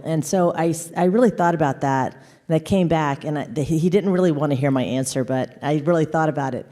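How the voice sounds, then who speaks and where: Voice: mid-range voice, fairly quick, warm tone. An audience member in a church hall making a casual comment from the floor, full of fillers.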